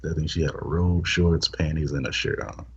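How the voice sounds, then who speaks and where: A man's voice: a bass voice, normal speed, creaky, muffled recording, a little hiss or hum. A man hosting a podcast, telling a blunt, explicit story in casual talk and stammering over repeated words. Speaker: podcast host.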